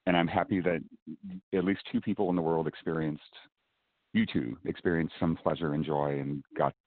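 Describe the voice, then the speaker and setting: A male musician guest talking slowly and thoughtfully in a casual interview, with hesitant restarts. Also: a bass voice, steady tone, no room sound. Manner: slow, musing, hesitant. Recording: tinny phone line, dry.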